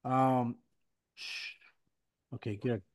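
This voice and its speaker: A man's voice: mid-range voice, steady tone, drawn-out words. A man hosting a Christian podcast, talking earnestly and rambling with many fillers. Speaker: podcast host. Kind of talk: casual podcast chat and preaching.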